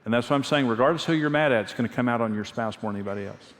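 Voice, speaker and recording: A middle-aged man preaches in an earnest, candid storytelling manner, circling back to repeat key phrases. His voice sits at an ordinary male pitch. A long reverb trails each line through a big church hall. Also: rapid-fire, fairly bright tone. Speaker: pastor and marriage teacher. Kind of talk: sermon with personal stories.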